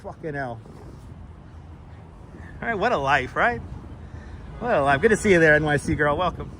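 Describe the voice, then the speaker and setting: A man's voice: a little high, lively intonation, fast, pushed and bright. A man hosting a casual live stream as he walks outdoors, loose and profane, thanking viewers as he goes. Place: city streets outdoors. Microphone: wireless clip mic. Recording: outdoor street with light traffic noise.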